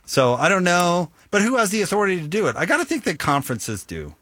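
A man hosting a sports radio show in casual banter, joking and prodding his co-hosts with questions. His mid-pitched voice moves a lot in pitch. The sound is dry and close. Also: quick pace, no room sound. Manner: lively, joking, asks questions. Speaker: sports talk host.

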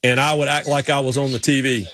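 A man with a Southern US accent from North Carolina, co-hosting a casual sports talk show and telling rambling, animated stories. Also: mid-range voice, quick pace, slight background noise. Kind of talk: casual radio show banter.

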